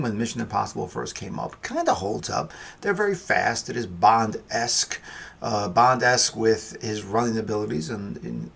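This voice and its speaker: A man with a gravelly, fry-edged voice reviews a film in loose, casual talk. He wanders into wry asides and restarts his sentences often. His pitch sits in the middle, and a faint ambience hums behind him. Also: fairly bright tone, slight background noise. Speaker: film review podcast host.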